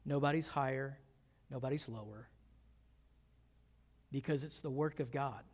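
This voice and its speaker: A man's voice: mid-range voice, unhurried, long reverb tail. A man preaching a sermon, asking rhetorical questions and building emphasis as he goes. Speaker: pastor.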